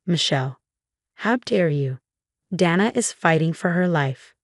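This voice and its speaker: A middle-aged mother figure, protective and distraught, voiced by a woman narrator. The voice is low and dry, read in a plain storybook tone. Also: lively intonation, a little slow, no room sound. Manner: indignant then pleading.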